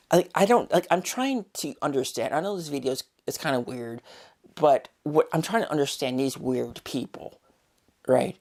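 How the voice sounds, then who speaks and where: A woman with a low-pitched, gravelly voice rants casually to her camera. She rambles, restarts and swears freely, sounding exasperated. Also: lively intonation, normal speed, darkish tone. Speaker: vlogger. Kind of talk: casual opinion rant.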